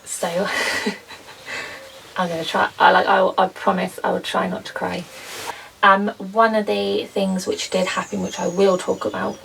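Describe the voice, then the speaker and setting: A young woman vlogging casually from her garden potting shed, rambling with lots of ums and soft laughs. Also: medium pitch, level tone, measured pace, vocal fry, recorded from a distance, a little hiss or hum, poor audio. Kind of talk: casual chat to camera.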